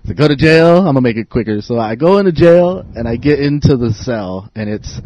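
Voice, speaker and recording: A man's voice: medium pitch, fairly quick. A man from Southern California telling a rowdy story in a casual chat, swearing freely and acting out the voices of people in it. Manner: animated, swears a lot, acts out voices in his stories. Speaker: guest. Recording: dull, dry, slightly husky podcast audio.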